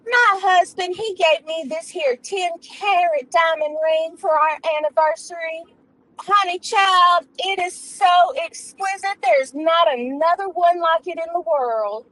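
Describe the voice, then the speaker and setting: A woman's voice: extremely high pitch, unhurried, fairly bright tone, no room sound, pitched above the performer's own voice, rough recording. A woman voicing a boastful lady who brags about her diamond ring, in a drawling, emphatic way.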